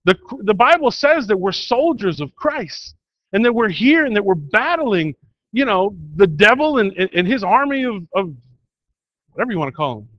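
A man preaching an informal sermon in a church, telling a story in a rambling, halting way full of restarts. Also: high voice, sing-song, no room sound, highs cut off.

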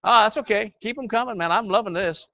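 His high-sitting voice goes fast in a dry, muffled lo-fi recording. This older man, who counsels and teaches church leaders, speaks informally to a group in a folksy way that keeps sliding into a sermon.

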